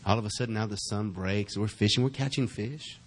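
A middle-aged man preaching a sermon as pastor, reading verses slowly and building in intensity, calling on the congregation to answer back. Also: lowish voice, a little hiss or hum. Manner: calls for congregation responses.

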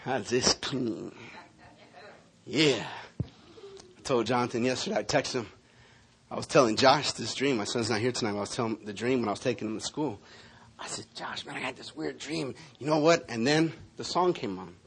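A man preaching a sermon, speaking prophetic words over a congregation member and telling lively stories. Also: medium pitch, normal speed, pauses often. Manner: animated storytelling with prophetic declarations. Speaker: pastor.

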